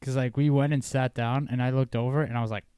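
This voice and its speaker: A man's voice: mid-range voice, fairly even intonation, quick pace, dark tone, clean tone, no room sound. A young man co-hosting a podcast, chatting in a rambling, swear-filled way. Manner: rambling, swearing, easily amused. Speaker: podcast co-host. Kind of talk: casual chat.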